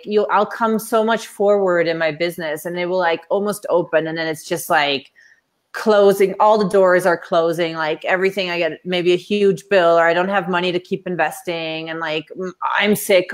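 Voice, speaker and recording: A woman guest in a casual interview, telling stories in an animated way and acting out quoted voices. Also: fairly low pitch. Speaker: interview guest, coach and speaker.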